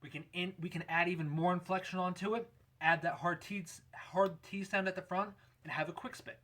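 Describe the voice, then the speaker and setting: A man's voice: sits high, brisk, a little hiss or hum. Man teaching goose calling. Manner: relaxed, conversational, lots of "we're gonna". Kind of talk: casual instructional video.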